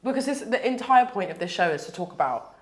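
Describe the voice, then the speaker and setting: A woman in her twenties hosts a casual interview in a bubbly, expressive way. Her pitch swings widely and lively as she talks. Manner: bubbly, expressive, quick to laugh. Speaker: host. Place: indoors, seated at a table decorating biscuits.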